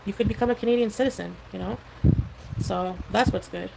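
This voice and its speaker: A woman's voice: medium pitch, fairly quick, vocal fry. Rambling woman livestreamer over noisy audio. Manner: rambling, defensive, full of fillers. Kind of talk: casual livestream talk. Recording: livestream audio with background noise.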